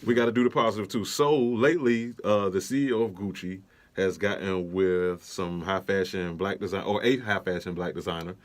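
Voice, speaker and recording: A man's voice: low-pitched, steady tone, a little fast. A young man co-hosting a podcast in casual chat, laid-back with many fillers and restarts. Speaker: podcast co-host.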